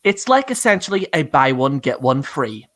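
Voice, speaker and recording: A man from Northern Ireland with a Northern Irish accent argues back in a group chat, sarcastic and defensive. His pitch swings up and down a lot around a middle level. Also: sing-song, moderate pace, fairly bright tone.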